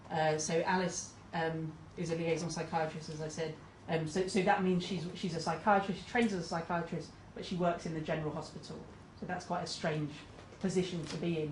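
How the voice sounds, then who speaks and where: A woman gives a conference talk in a hesitant, um-filled manner, pausing to read quotes aloud. Her voice sits a little low. She is recorded from some distance in a roomy hall with a faint hiss behind her. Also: a little mellow. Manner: hesitant, many ums, reads quotes aloud. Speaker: conference speaker. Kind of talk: presentation talk.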